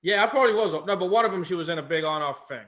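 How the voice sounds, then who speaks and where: A man co-hosting a podcast in casual chat, halting and repeating words as he retells scenes. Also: high-pitched, lively intonation, sharp tone. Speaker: podcast co-host.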